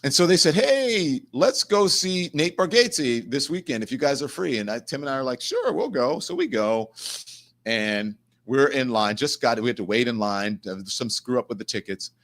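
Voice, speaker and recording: A middle-aged man hosting a live commentary stream. He tells a personal story in a lively, indignant way, turns aside to answer viewers in the chat, and keeps his voice at an ordinary middle pitch. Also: moderate pace. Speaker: host.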